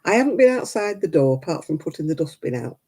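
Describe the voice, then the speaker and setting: An older woman hosts a casual crafting livestream, rambling to her viewers and laughing often. Her voice is husky and warm, and her pitch swings widely as she chats. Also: big pitch swings, fast talker. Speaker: livestream host. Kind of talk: casual live-chat crafting stream.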